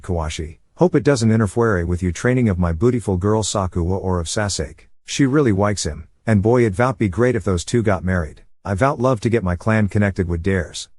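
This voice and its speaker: A man's voice: on the low side, a little mellow, no echo, natural voice. A man voicing a boorish, drunken ninja father who slurs and lisps his words. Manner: slurred lisping speech.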